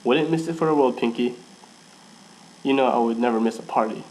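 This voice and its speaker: A man's voice: medium pitch, a little fast, darkish tone, a little hiss or hum, close to an everyday voice, poor audio. A man voicing a brash, boastful young pegasus mare in a storybook reading. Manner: boastful, confident.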